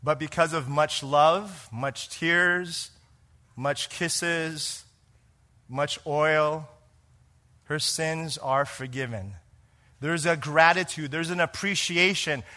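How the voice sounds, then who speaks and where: This man is a pastor giving a sermon, his voice on the high side. Some lines come out hushed and others emphatic, and he puts questions to the congregation as he goes.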